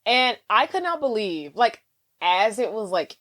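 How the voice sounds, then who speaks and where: A woman chatting casually on a podcast, telling stories in an animated, exclaiming way. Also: a little high, unhurried. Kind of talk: casual chat.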